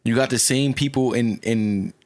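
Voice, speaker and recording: A man's voice: mid-range voice, moderate pace, darkish tone. Laid-back slangy man chatting. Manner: loose slangy storytelling, many restarts and fillers. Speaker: podcast panelist. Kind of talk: casual chat.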